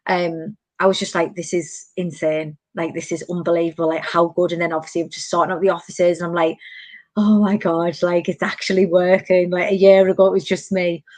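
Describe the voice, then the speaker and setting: A woman's voice: lowish voice, fairly quick, no room sound. A woman, telling stories animatedly in casual chat as podcast host. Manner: animated storytelling, many fillers.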